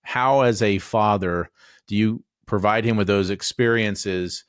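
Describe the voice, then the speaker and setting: Deep-voiced man joking self-deprecatingly. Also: measured pace, clean tone, no echo, clean studio sound. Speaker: podcast co-host. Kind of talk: casual sports chat.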